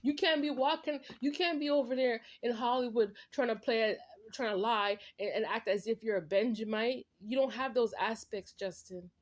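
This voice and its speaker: A woman vlogger rants straight into the camera at a man who isn't there, confrontational and repetitive. Her voice is on the high side and her speed is normal.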